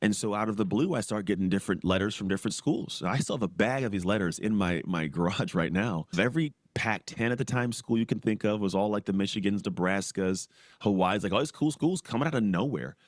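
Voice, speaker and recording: A man in his forties tells his story quickly in a low voice, jumping into other people's lines as he acts them out. He laughs easily and keeps the story moving. The sound is dry and close, with no room around it. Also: no room sound. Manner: animated, acts out quoted voices, laughs often. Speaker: podcast guest, former pro football player. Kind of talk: storytelling in casual interview.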